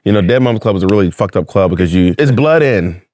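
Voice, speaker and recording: Man, lowish voice, quick talker, animated storyteller, laughs a lot. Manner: animated storyteller, laughs often, swings pitch for effect. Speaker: guest, drag performer and author. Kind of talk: casual interview chat.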